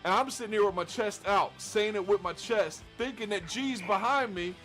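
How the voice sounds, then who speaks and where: Over a clear music bed, a male podcast co-host spins a casual story at a moderate pace. His voice is fairly high, and his delivery is loose, animated, and full of profanity as he acts out other people's lines.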